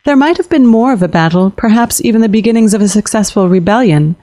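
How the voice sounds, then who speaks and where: A woman narrating a fantasy story in an even, measured way. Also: medium pitch, dry recording, studio quality. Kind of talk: scripted narration of fantasy fiction.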